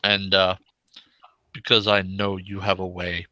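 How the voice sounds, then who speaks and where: A man's voice: sits low, flat delivery, unhurried, pushed and bright, dry recording, heavily acted, rough recording. A man voicing the courteous male leader of an underground brotherhood, speaking politely and formally.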